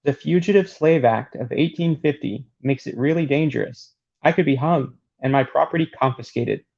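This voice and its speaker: A man reading the lines of an earnest male slave rescuer, steady and resolute. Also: mid-range voice, normal speed, gravelly, husky. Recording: dull lo-fi recording.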